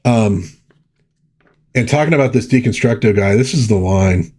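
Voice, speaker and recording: A man's voice: fairly low pitch, normal speed, a little mellow, husky. A middle-aged man hosting a casual live stream, chatting with enthusiasm and rambling through lots of fillers. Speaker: host.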